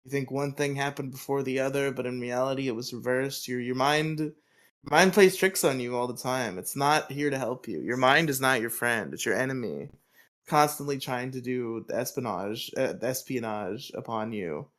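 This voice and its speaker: A man co-hosting a podcast in casual chat, riffing in a rambling, profane, animated way. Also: medium pitch, moderate pace. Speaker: podcast co-host.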